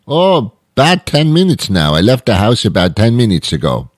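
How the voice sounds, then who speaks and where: A man's voice: huge pitch swings, normal speed, no echo, clean studio sound. A man voicing a crude, shady ride-share driver, his voice raised above his own. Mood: sleazy casual. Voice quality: put-on foreign accent, higher voice.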